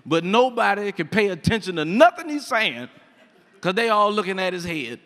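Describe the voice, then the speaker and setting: Bright high-voiced stand-up comedian man. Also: normal speed, long reverb tail. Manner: animated storytelling, acts out voices. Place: comedy stage before a live audience.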